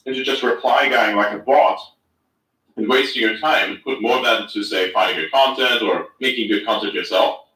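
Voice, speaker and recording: Male host of an online chat, loose, profane, rambling delivery; bright tone, roomy distant audio. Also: lowish voice, moderate pace. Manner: rambling, swears, many fillers. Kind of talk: casual chat.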